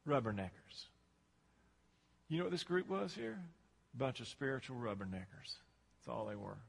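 A man's voice: medium pitch, sing-song, normal speed, vocal fry, long pauses, husky. A man preaching a sermon, talking emphatically and repeating himself for effect. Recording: long hall reverb.

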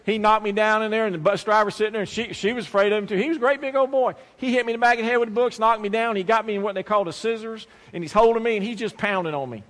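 High-voiced preacher in a reverberant hall. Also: male voice, racing, few pauses, fairly bright tone. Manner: emphatic, storytelling with acted quotes, repeats phrases. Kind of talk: sermon with personal story.

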